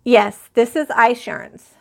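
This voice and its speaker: Woman host, crochet stream; unhurried, chatty, a bit high-pitched, talks to her live chat. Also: creaky, darkish tone. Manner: chatty, rambling, addresses live chat viewers.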